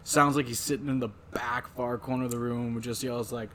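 Animated swearing man on a podcast. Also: medium pitch, fairly quick, slight background noise. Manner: animated, swears a lot, acts out voices. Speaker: podcast host. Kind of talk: casual movie podcast chat.

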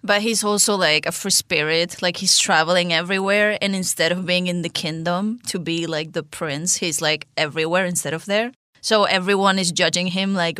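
Woman co-host, lowish voice, dry close sound, chatty film recap full of laughs. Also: normal speed, no room sound. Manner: lively, laughs often, acts out the characters' lines. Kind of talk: casual chat recapping a movie.

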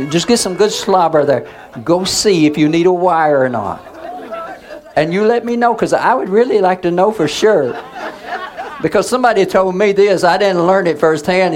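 A man's voice: high-pitched, a little mellow. A male pastor preaching in a conversational way, asking the congregation questions and waiting for answers. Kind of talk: sermon.

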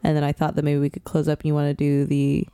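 A woman's voice: sits low, monotone, quick pace, warm tone, clean tone. A woman hosting a podcast in casual chat, chatty and full of "um"s. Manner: chatty, frequent "um", laughs easily. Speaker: podcast host.

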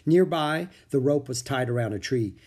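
A man reading a children's chapter book aloud, expressive and switching voices for each character. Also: medium pitch, normal speed, slightly rough. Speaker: audiobook narrator.

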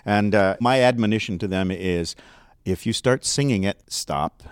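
A low-pitched man answers interview questions as a dialect coach, explaining patiently and filling pauses with "uh". The sound is dry and close, with little room around it. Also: no echo. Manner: explanatory, with frequent fillers. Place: seminar room.

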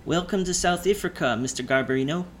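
A man voicing a polite but menacing male driver who speaks in a slow drawl, stressing every syllable. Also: a little high, a little hiss or hum, voice pushed up, lightly acted. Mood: ominous.

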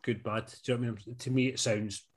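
A man's voice: mid-range voice, steady tone, quick pace. Scottish male co-host, casual film chat, rambling delivery. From Scotland. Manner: rambling, often asks "do you know what I mean?". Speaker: podcast co-host.

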